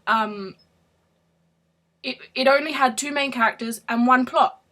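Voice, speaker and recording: A woman's voice: sits high, measured pace, a bit bright. A woman giving a casual book review vlog, chatty, with lots of ums and restarts.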